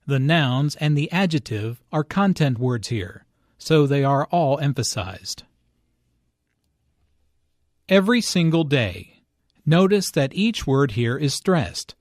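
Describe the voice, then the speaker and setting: A man reading a scripted English lesson, explaining phrases in a careful, clearly enunciated way. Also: on the high side, no echo, clean studio sound. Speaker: English teacher and dialogue reader. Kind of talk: scripted language lesson narration.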